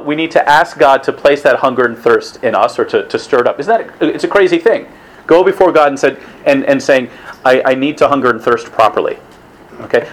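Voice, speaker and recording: A man's voice: on the high side, rough recording. Man giving a casual religious talk. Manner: casual, with restarts and asides.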